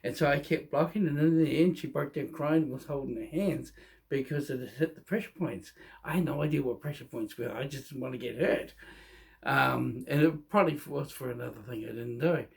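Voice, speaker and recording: Middle aged guy with a gravelly voice telling his own story, halting, keeps restarting. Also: medium pitch, darkish tone. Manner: candid, halting, with frequent restarts. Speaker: vlogger. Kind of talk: personal storytelling monologue.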